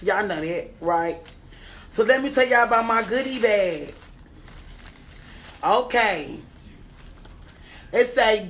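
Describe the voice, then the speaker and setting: A young adult woman comedian, loud and excitable, swearing freely and chanting words over and over as she unboxes a gift bag on a casual livestream. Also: medium pitch. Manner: loud, excitable, profane, sing-song repeating. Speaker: comedian and businesswoman.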